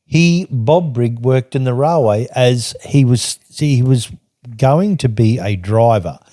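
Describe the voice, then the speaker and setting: An older man from Australia telling a rambling travel story on a podcast, halting and restarting as he reads from his journal. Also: mid-range voice, expressive, warm tone, no echo, studio quality. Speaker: podcast guest recounting travels. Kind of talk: casual storytelling chat.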